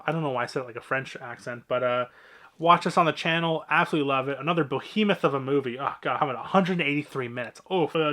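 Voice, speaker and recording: A man's voice: on the high side, bright, forceful tone. A man casually walking through his movie collection, talking in a rambling, offhand way with lots of fillers and the odd swear.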